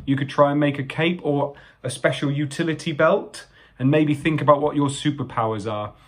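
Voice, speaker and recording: A man's voice: a little high, normal speed. A man, a teacher reading a picture book and talking kindly to young children. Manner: animated, warm-hearted storyteller talking to small children.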